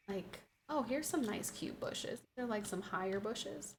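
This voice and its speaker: A woman's voice: mid-range voice, slow pace, few pauses, slight background noise. A woman streaming a game live, chatting to viewers and scolding and pleading with the game animals, laughing at herself as she goes. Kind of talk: live gameplay stream commentary.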